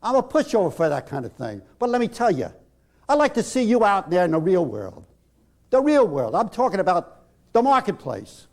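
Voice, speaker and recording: A loud, brash man hurls sarcastic taunts, as a therapist puts him on. His voice climbs high and swings wildly between bursts. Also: wildly swooping pitch, moderate pace, full character voice. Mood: taunting, angry.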